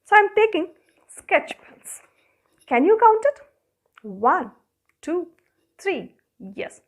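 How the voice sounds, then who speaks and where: Animated high-voiced woman teaching grammar. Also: slow pace. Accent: Indian English. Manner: asks questions and answers them herself, counting objects aloud. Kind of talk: classroom lesson.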